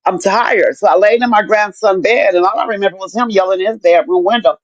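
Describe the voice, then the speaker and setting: A woman's voice: mid-range voice, a little fast, no room sound, dull audio. An older woman and grandmother speaking candidly in a casual chat, often repeating herself and cursing freely. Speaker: stroke survivor sharing her story.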